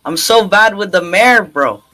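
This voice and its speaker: A man chatting excitedly with friends while playing an online shooter, yelping and laughing under fire. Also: high-pitched, a little slow, soft background music. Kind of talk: casual gameplay chat.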